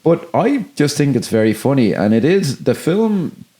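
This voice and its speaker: A man's voice: medium pitch, sing-song, mellow. A man co-hosting a film podcast in casual chat, rambling and swearing, and briefly acting out lines from the film. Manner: rambling, profane, acts out movie lines in quick bursts. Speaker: podcast co-host.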